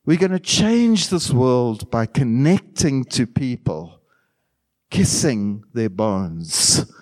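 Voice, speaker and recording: Animated male preacher with lively pitch. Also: slow. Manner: animated preaching with sudden loud bursts and quiet asides. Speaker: pastor. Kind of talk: sermon.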